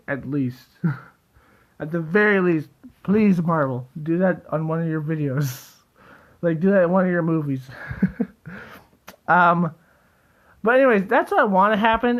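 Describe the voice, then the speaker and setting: A young man rambling excitedly in a casual solo video, full of fillers and restarts. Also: high-pitched. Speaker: theory video host.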